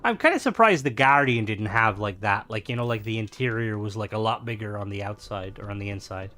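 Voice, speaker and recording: A man's voice: fairly low pitch, lively intonation, brisk, pushed and bright. A man streaming a game, chatting casually with lots of filler words while playing. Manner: rambling, many filler words. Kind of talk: casual gameplay commentary.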